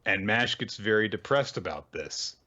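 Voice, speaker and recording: A deep-voiced man hosts a podcast and walks through a manga chapter in a loose, rambling way. He speaks in a bright, forceful tone and drops in wry asides. The audio is dull and lo-fi. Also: expressive, moderate pace. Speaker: podcast host. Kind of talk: casual manga recap chat.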